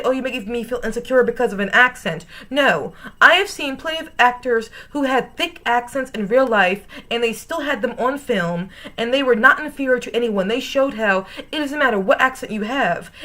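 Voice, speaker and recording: Bright-voiced American woman reviewing eagerly. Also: a little high. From United States. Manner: animated, emphatic, insistent. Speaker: fan reviewer. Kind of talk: casual opinionated review.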